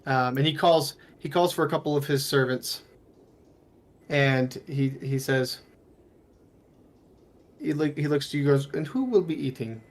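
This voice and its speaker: Man, game master, casual halting narration, voice chat from home. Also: medium pitch, steady tone. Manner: loose, halting narration with frequent restarts.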